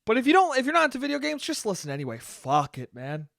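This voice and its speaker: A man's voice: very high-pitched, huge pitch swings, quick pace, gravelly, fairly bright tone, no room sound, clean studio sound. A young man ranting casually and profanely on his own podcast, rambling and joking. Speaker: podcast host. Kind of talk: solo casual podcast rant.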